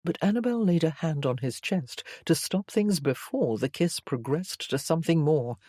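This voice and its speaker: A woman reading a historical romance novel aloud in a measured storytelling manner. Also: deep voice, expressive, mellow, no room sound, studio quality. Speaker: audiobook narrator. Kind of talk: scripted romance narration.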